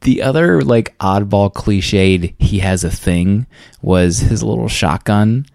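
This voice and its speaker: Man, low voice, laid-back podcast chat, close dry mic. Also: takes it slowly, creaky, darkish tone, no echo. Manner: laid-back, rambling, chuckles often. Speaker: podcast co-host. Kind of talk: casual movie review chat.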